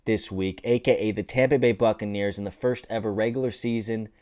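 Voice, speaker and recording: Foul-mouthed animated sports vlogger man. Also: fairly low pitch, a little fast. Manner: animated, profane, joking. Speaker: host. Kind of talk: casual sports commentary.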